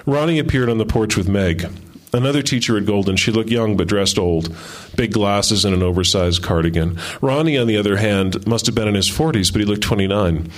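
A man reads a first-person story aloud at a measured pace, with a wry touch in his delivery. His voice sits on the low side. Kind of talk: reading his fiction aloud.

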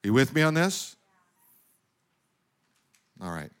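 A middle-aged man preaching a sermon as pastor, animated, often asking the congregation questions. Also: mid-range voice, slow, clear, resonant tone.

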